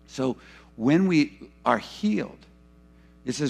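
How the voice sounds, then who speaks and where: Man preaching, higher-pitched. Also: expressive, moderate pace. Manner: dramatic retelling with acted quotes, swinging between hushed and loud. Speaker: pastor. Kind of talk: sermon. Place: church.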